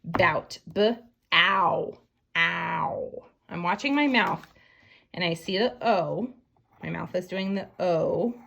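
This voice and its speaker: A woman teacher talks young children through a writing lesson at a very unhurried pace. She sounds out each word letter by letter. Her voice carries a gravelly, creaky edge. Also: fairly low pitch, expressive, fairly bright tone. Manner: slow, sounding out words letter by letter.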